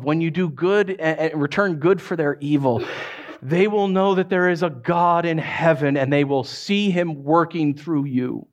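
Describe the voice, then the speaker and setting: A man preaching a sermon in an animated way, acting out the voices of animals and listeners as he tells stories. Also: fairly high pitch. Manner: animated, acts out voices of dogs, cats and listeners. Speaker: pastor.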